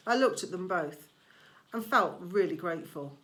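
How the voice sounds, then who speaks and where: A woman reading a novel aloud in first person, measured and expressive. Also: on the low side. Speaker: audiobook reader.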